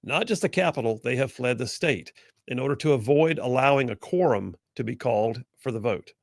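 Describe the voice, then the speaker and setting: A man's voice: mid-range voice, expressive, brisk, creaky, no echo, clean studio sound. A man hosting a political talk show, delivering sarcastic commentary and mocking opponents in whiny put-on voices.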